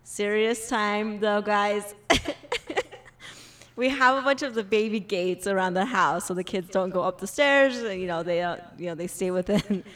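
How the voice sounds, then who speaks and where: A woman's voice: medium pitch, measured pace, fairly bright tone. A young woman co-hosting a married couple's podcast, chatting casually and laughing often as she talks. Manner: giggly, laughs often while talking. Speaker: podcast co-host. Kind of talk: casual chat.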